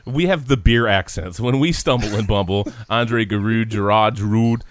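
A man's voice: lowish voice, moderate pace, dry recording. A man hosting a casual sports podcast, laughing often and calling his cohost dude and man.

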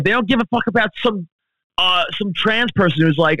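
A man's voice: high voice, fairly quick, sharp tone, dry recording, poor audio. A male comedian as a podcast guest, ranting heatedly and swearing a lot. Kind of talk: podcast interview.

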